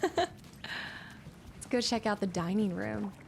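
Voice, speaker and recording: A young woman streaming a game muses aloud as she explores, murmuring notes under her breath in let's-play commentary. Her medium-pitched voice is animated yet slow, with vocal fry and a little hiss or hum in the audio.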